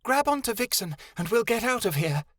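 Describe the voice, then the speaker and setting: A man's voice: very high voice, sing-song, a little fast, a bit bright, no echo, studio quality, voice pushed up, exaggerated voice. A man voicing a small, fierce female fairy warrior who speaks of herself in the third person, in an audiobook. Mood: tearful.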